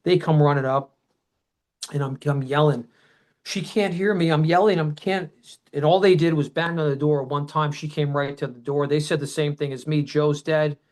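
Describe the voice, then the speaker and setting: A man's voice: on the high side, steady tone, normal speed, rough recording. Middle-aged man telling a rambling personal story. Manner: rambling, with restarts and quoted shouting. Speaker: podcast guest.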